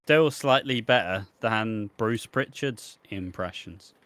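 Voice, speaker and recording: A man's voice: fairly low pitch, slow pace, fairly bright tone, no echo. A man co-hosting a casual wrestling podcast, laid-back, swearing freely and trailing off with ums. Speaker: podcast co-host. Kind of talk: casual chat about wrestling.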